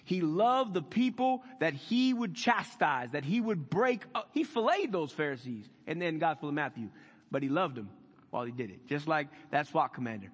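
High-voiced man preaching in a hall. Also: sing-song, normal speed, slightly rough. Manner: folksy, conversational preaching with emphatic swells. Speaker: pastor. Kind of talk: sermon.

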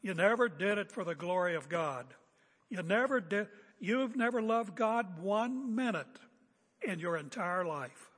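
High-pitched, husky preacher man. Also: animated, a little slow, a bit bright. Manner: emphatic, confrontational preaching with repeated phrases. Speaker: pastor. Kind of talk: sermon. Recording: echoey hall with long reverb.

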